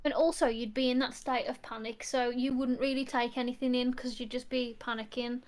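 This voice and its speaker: Bright-voiced West Midlands woman, playful. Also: on the high side, steady tone, brisk. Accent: West Midlands English. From West Midlands, England. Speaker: co-host of a live stream. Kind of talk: casual chat.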